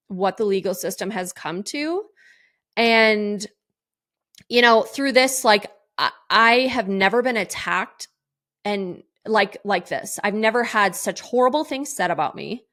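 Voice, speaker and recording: A middle-aged woman hosts a podcast in a medium-pitched, slightly bright voice. She delivers a candid, emotional personal monologue, rambling with many fillers and restarts.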